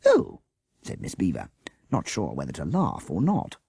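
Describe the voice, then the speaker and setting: A man narrating a children's storybook audiobook with expressive delivery. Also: low-pitched, normal speed, gravelly, breathy edge, no room sound. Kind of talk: storybook reading.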